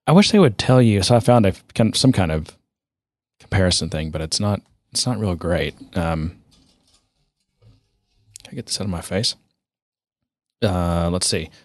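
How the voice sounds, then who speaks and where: Low-voiced man in dry, rambling tech chat. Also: moderate pace, pauses often, no room sound. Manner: rambling, sardonic, many fillers and restarts. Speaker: podcast co-host.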